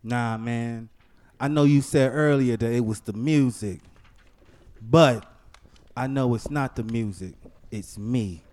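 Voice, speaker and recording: A young man acting out a comedy sketch in an animated, slangy, joking way. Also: mid-range voice, takes it slowly, pauses often.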